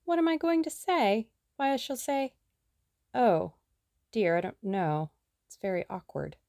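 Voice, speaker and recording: A woman voicing a lively, impatient young woman sleuth in an audiobook, brisk and plucky. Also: a little high, gravelly, no echo, clean studio sound, voice pushed up, exaggerated voice. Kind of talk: audiobook character reading.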